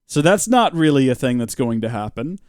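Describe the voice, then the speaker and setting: A man's voice: big pitch swings, brisk, clean tone, no echo, studio quality. A young man giving playful live commentary on a game he is playing, chatting with his viewers and slipping into silly voices. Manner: playful, talks to chat, jumps into silly high voices. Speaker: streamer.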